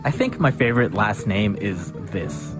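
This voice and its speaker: A man narrating a comedic animated video in a playful, jokey way. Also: on the low side, normal speed. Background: music.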